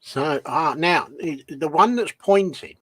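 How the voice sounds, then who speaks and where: A man co-hosting a casual model-building chat, chatty and quick to agree and laugh. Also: a little high, a bit bright, dry recording. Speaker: co-host.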